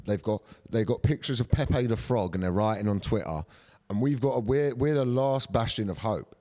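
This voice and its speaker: A man's voice: on the low side, moderate pace, warm tone. A man co-hosting a comedy podcast in casual chat, rambling and crude, slipping into silly voices for quotes. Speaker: podcast co-host. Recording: long hall reverb.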